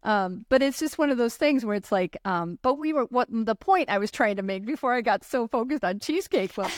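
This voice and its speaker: A woman's voice: on the high side, animated, a little fast, hardly any pauses, no echo, clean studio sound. A middle-aged woman hosting a casual interview, chatty and rambling with frequent restarts. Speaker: host.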